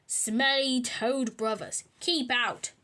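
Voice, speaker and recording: A woman voicing a bratty schoolboy who yells and jeers at his brother. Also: fairly high pitch, fairly even intonation, takes it slowly. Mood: jeering. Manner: yelling, jeering.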